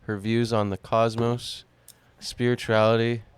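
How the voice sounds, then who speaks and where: A man hosting a live-streamed talk show, chatting casually in a relaxed, rambling way with occasional chuckles. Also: medium pitch, unhurried, smooth, dry recording. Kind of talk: casual chat.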